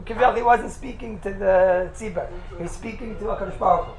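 A man who teaches in a yeshiva, telling stories in a lively talk and acting out the quotes. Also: sits high, a little fast, gravelly, hardly any pauses. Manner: animated, acts out the quotes in his stories. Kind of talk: storytelling talk. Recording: echoey room with faint background noise.

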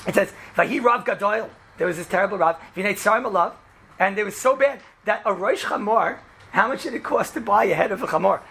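A man teaching a casual class as a rabbi, telling the story in an animated way and acting out the quoted lines, with lots of "right?" and "you know". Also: high-pitched, brisk, creaky, husky. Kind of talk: casual classroom Torah lesson.

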